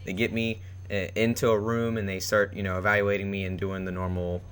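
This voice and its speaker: A man's voice: fairly low pitch, little pitch movement, fairly quick, a bit bright, smooth. A young man telling a personal story in a rambling, casual way, with many fillers and restarts. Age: young adult. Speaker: vlogger.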